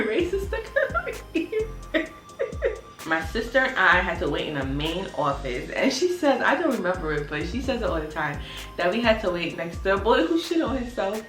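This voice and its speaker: A woman's voice: medium pitch, very animated, normal speed, a bit bright. A young woman from Brooklyn tells a casual storytime, blunt and swearing freely. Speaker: vlogger. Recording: roomy sound with faint music.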